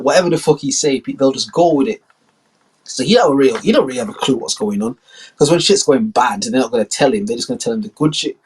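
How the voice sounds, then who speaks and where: A man's voice: mid-range voice, breathy edge, low-quality recording. A man hosting a podcast, telling a story in a loose, slangy, rambling way. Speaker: podcast host. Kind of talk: casual storytelling.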